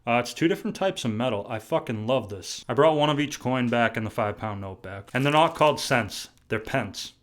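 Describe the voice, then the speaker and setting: A man's voice: medium pitch, expressive, a little fast, hardly any pauses, fairly bright tone. A young man from New England talking casually to camera in a vlog, chatty and full of restarts, swearing now and then. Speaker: vlogger.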